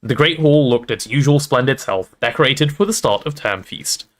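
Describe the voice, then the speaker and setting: A man reading a storybook aloud to a livestream audience in an expressive, relaxed storytelling manner. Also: mid-range voice, moderate pace. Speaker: streamer reading aloud to chat.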